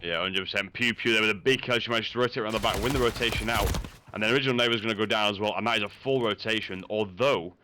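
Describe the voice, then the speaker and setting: A man's voice: on the low side, racing, bright, forceful tone, a little hiss or hum. A Welsh man commentating a live esports shooter match, bantering and laughing often. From Wales. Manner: chatty, jokey banter with frequent laughs. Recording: gunfire and game sounds over the voice. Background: game gunfire and explosions.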